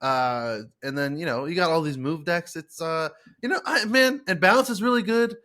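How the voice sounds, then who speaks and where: High-voiced casual podcast host, fired up. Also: male voice, moderate pace. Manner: energetic, swears freely, many fillers. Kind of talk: casual gaming podcast chat.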